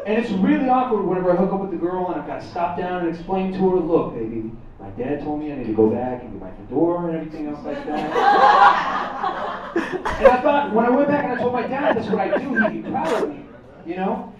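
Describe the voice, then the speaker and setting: A man from Texas performing a stand-up comedy set at a pub, talking to the crowd with quick asides. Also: sits high, heavy background noise. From Texas, USA. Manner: animated, conversational, frequent asides to the crowd. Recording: echoey distant muffled pub recording, crowd.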